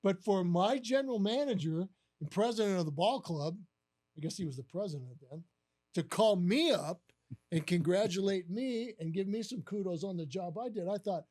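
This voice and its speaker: An older man with a fairly high voice spins a long story as a podcast guest. He fills his lines with "you know" and "uh," and he jumps into the quoted voices of the people in the tale. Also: normal speed. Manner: animated storyteller who acts out quoted voices with many fillers. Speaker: guest, former baseball catcher.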